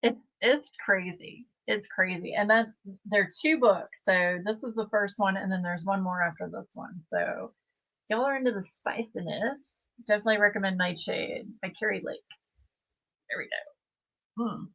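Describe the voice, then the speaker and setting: A woman's voice: medium pitch, normal speed, gravelly, a bit bright, low-quality recording. A woman hosting a casual livestream, chatting and reading viewer comments aloud. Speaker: livestream host.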